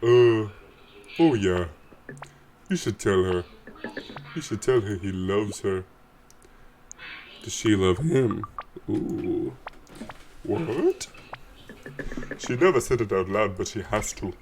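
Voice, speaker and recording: A man's voice: lowish voice, animated, slow pace, pauses often, darkish tone, slight background noise. A man chatting casually as he plays a video game, joking around and reading its lines aloud. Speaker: gameplay commentator. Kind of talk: let's play commentary.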